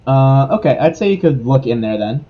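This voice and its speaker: A man's voice: mid-range voice, brisk. Muffled man narrating a tabletop game. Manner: descriptive, relaxed narration with fillers. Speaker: game master.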